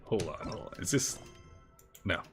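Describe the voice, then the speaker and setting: A man's voice: normal speed, music in the background. A man streaming a video game, joking around and reading the dialogue aloud. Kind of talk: casual gameplay commentary.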